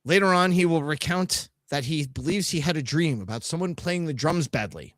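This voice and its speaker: A middle-aged man tells a road-trip story on a live podcast, swearing freely and acting out what happened with sound effects. His voice sits a little high and swings widely in pitch. The sound is close and dry. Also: normal speed, dry recording. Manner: animated, swearing, sound effects while telling stories. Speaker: podcast co-host.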